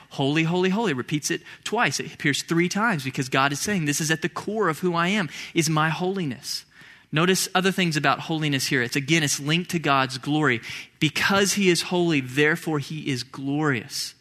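A man preaching a sermon as a pastor in church, explaining scripture earnestly and slowing down for emphasis when he reads passages aloud. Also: on the high side, pushed and bright.

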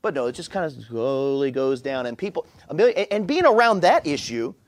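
A man's voice: medium pitch, brisk. A man preaching a sermon as pastor, often repeating words as he restarts phrases. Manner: animated preaching with frequent stammered repeats. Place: church.

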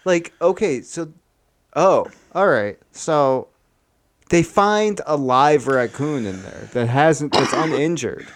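Deadpan man rambling through a story. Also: on the high side, slow. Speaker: podcast co-host. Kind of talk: improvised comedy storytelling.

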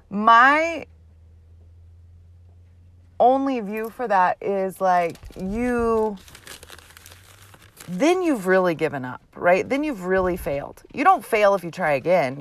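A woman's voice: mid-range voice, expressive, measured pace, long pauses, fairly bright tone, no room sound. A mother hosting her own show, delivering a blunt, profane, emphatic motivational monologue. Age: adult mother. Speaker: host.

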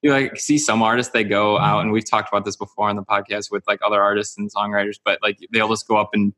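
Man, podcast host, bright tense voice, lowish pitch, rambling, lots of fillers. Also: level tone, fast. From Chicago area. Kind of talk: casual podcast interview.

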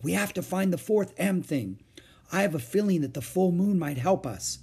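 A man's voice: high-pitched, expressive, moderate pace, vocal fry, a little mellow, husky, voice pushed up, exaggerated voice. A man voicing an eager, adventurous young girl who talks urgently and insistently in a storybook reading.

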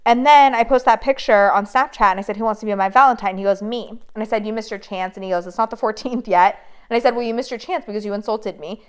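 A woman's voice: medium pitch, fast talker, smooth. A woman in casual chat, telling a story animatedly, swearing and quoting messages.

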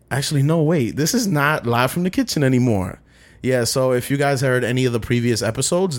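A man hosting a casual podcast, talking in a laid-back, slangy way and laughing often. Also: mid-range voice. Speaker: podcast host. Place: small home recording room.

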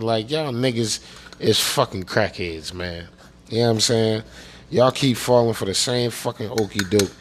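A man from Pennsylvania hosting a show, ranting casually and profanely and checking in with his listeners again and again. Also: lowish voice. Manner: profane, repeats "you know what I'm saying". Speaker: podcast host.

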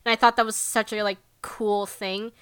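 A woman chatting casually as a podcast co-host, very animated, laughing often, filling her talk with "like" and acting out characters with sudden jumps in pitch. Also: normal speed, clear, resonant tone, no room sound. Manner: swears casually, lots of filler "like". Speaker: podcast co-host recapping an anime episode. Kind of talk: casual chat.

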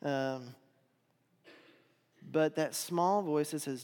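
A middle-aged male pastor preaching a sermon in an earnest, conversational manner, leaning on rhetorical questions. His voice sits a little high for a man, and long reverb trails each phrase as if it fills a church sanctuary. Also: fairly even intonation, slow pace, long pauses, darkish tone.

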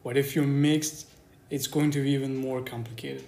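A man's voice: mid-range voice, level tone, normal speed, creaky, darkish tone. A young man co-hosting a podcast, talking thoughtfully at length and laughing at his own points. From immigrant raised in Germany. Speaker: podcast co-host. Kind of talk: casual podcast chat. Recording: echoey room with faint noise.

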